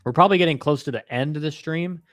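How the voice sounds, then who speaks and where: A man's voice: on the high side, fast, fairly bright tone, no room sound, clean studio sound. A man hosting a casual live stream and answering viewer questions. He talks in a laid-back, rambling way with slang and many restarts. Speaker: live-stream host, former college ballplayer.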